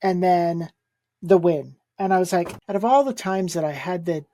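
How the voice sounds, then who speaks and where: A woman co-hosting a wrestling review podcast, speaking in a relaxed, rambling way. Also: fairly low pitch, normal speed. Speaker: podcast co-host. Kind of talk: casual wrestling review chat.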